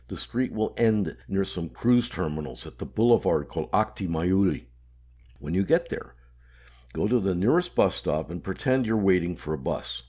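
A man doing a gruff, curt secret contact. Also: warm tone. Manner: curt, hissing when he lowers his voice. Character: gruff, guarded male underground contact.

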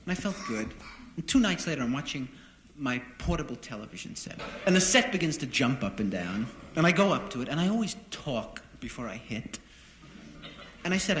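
A man doing a stand-up monologue in front of an audience, telling deadpan, self-deprecating stories. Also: mid-range voice, a little fast. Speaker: stand-up comedian. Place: live venue with an audience. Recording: roomy live recording with noise. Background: audience laughter.

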